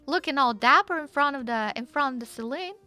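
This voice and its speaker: A woman's voice: high-pitched, lively intonation, brisk, bright, forceful tone, soft background music, voice pushed up. A woman playing a polite, folksy Southern belle in a wild west role-play, with a put-on Southern US accent.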